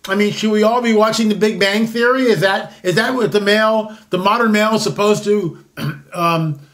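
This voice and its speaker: A man's voice: sits high, moderate pace, a bit bright. A man in his sixties hosting a commentary show, talking in a conversational, opinionated monologue with self-interruptions and mocking asides. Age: 60s.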